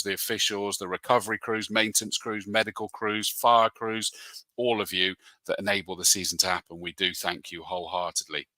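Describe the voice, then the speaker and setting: Matey man, sharp bright voice. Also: on the low side, flat delivery, fairly quick, no room sound. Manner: chatty and matey, calls people mate. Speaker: motorsport commentator hosting a live show. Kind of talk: casual live-stream chat, reading viewer comments.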